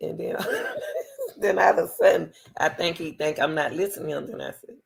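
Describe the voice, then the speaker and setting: A woman in a low voice. She talks to camera as a channel host, playful and teasing, and often laughs and calls people baby and sweetie. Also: a little fast, gravelly, husky. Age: 60s. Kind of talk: casual talk to camera.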